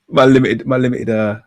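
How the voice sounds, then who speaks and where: A male show host in full rant, voice at an ordinary middle pitch. He talks heatedly, swears without hesitation and repeats lines to drive his point home. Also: noisy background. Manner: heated, ranting, swears, repeats himself for emphasis. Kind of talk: solo opinion monologue.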